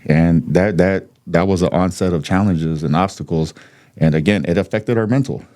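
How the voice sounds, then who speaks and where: Man, 30s, very deep voice, blunt, swears freely, candid podcast storytelling. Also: normal speed, dark tone. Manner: blunt, swears freely, laughs between points. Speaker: podcast guest.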